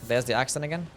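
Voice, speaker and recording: A young man with a medium-pitched, slightly bright voice streams a video game over game music. He chats casually, swears freely, and answers his chat.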